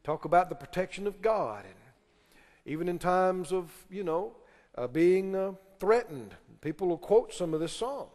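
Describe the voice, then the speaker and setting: A pastor preaching a sermon in a church, emphatic and pressing the congregation with questions and call-and-response. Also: male voice, sits high, expressive, moderate pace, darkish tone. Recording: long reverb of a large hall.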